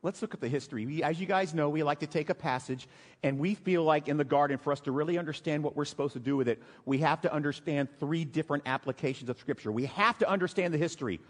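A man preaching a sermon, telling a scripture story in an animated way, dropping to hushed emotional tones at key moments. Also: fairly high pitch, fast talker. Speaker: pastor. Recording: long hall reverb.

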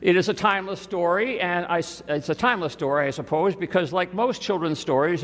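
Deliberate male pastor in a reverberant church. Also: on the high side, a bit bright. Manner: slow, deliberate reading, dropping at phrase ends. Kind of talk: sermon with scripture reading. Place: church sanctuary.

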